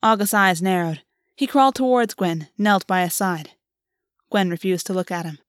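A woman narrating a fantasy story aloud in a steady, even audiobook reading. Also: medium pitch, normal speed, dry recording, clean studio sound.

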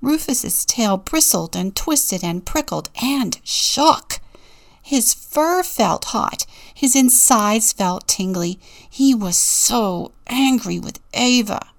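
A woman deacon gently reading a children's story aloud and asking the listener questions. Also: a little high, animated, takes it slowly.

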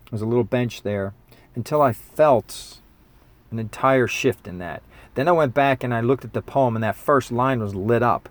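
A man in his fifties talking in a casual monologue, earnest and reflective, sometimes excited, with fillers and restarts. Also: mid-range voice, normal speed, no room sound. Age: 50s. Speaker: musician and spiritual teacher.

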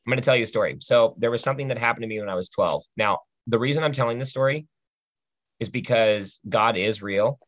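A man's voice: mid-range voice, fast, a bit bright, no echo. A man on a podcast telling a personal faith testimony in an earnest, conversational way, often checking in with the listener.

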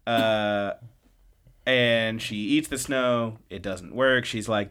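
Casual man recapping with quick quoted bits. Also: medium pitch, fairly even intonation, fairly bright tone. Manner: loose, chatty retelling with quick snippets of quoted dialogue. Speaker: podcast co-host.

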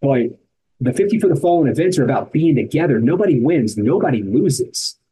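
A man speaks as a guest on a casual podcast, telling stories in short, emphatic bursts. His voice is dark and mellow with a husky edge. He sounds energetic and driven. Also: mid-range voice, a little fast, poor audio. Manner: energetic, emphatic storytelling in short punchy sentences. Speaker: founder of an endurance rucking organization, guest.

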